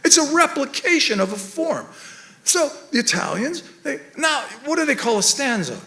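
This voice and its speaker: A man giving an animated, rambling talk about poetry, laughing often as he goes. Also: extremely high pitch, moderate pace, echoey room.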